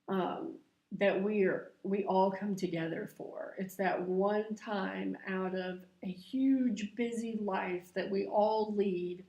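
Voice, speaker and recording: A woman's voice: medium pitch, a little mellow. A middle-aged woman, chatting to camera in a confessional vlog and laughing often. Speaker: vlogger. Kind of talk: casual vlog chat to camera. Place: room at home. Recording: echoey room.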